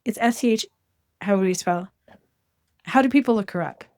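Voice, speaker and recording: Woman host, mid-pitched voice, animated and talkative, quick asides, casual chat.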